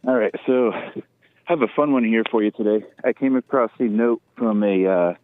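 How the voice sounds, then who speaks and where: A man's voice: fairly low pitch, dry recording. Breathless male caller on tinny phone. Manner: reads aloud haltingly, blunt opinions. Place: outdoors walking a dog.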